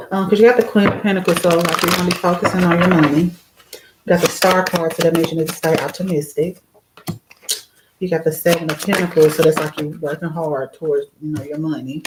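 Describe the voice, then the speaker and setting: A woman gives a casual, chatty live tarot reading while nursing a sore throat, giggling and peppering her speech with "you know" and "like." Her voice is lowish and fairly even in intonation, a little fast, with background noise.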